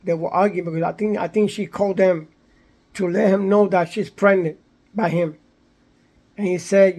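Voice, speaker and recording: High-voiced man rambling and preaching. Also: fairly even intonation, normal speed, dark tone. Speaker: vlogger. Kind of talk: casual vlog monologue with moral lecturing. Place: somewhere in San Antonio, Texas.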